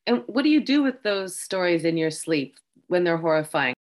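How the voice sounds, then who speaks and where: A woman's voice: lowish voice, lively intonation, moderate pace. A woman interviewing her guest in a playful, admiring way and asking leading questions. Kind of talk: friendly interview.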